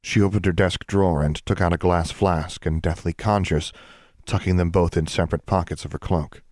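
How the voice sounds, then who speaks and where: Deep-voiced man reading a story aloud. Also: fairly even intonation, a little fast, a little mellow, no room sound, clean studio sound. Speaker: audiobook narrator. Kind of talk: scripted narration.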